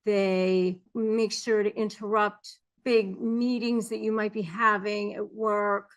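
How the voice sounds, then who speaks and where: A middle-aged woman speaks in an earnest, explanatory way, coaching her listeners on how to deal with difficult people. She talks at an unhurried, deliberate pace with a medium pitch and now and then slips into quoting others' words. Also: little pitch movement. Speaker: narcissism negotiation coach. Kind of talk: advice talk to camera.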